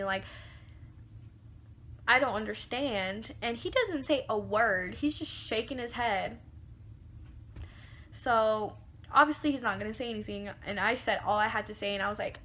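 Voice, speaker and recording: A woman's voice: a little high, moderate pace, fairly bright tone, slight background noise. A young woman telling a personal story to her viewers in a chatty way, full of fillers and casual swearing. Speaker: beauty vlogger. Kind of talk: storytime vlog.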